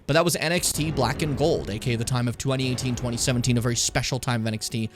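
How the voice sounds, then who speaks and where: A man's voice: mid-range voice, racing. A man streaming a video game with a co-host, chatting casually, cracking jokes, swearing and dropping into silly voices. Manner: animated, jokey, swears, breaks into silly impressions. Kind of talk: casual gaming stream chat.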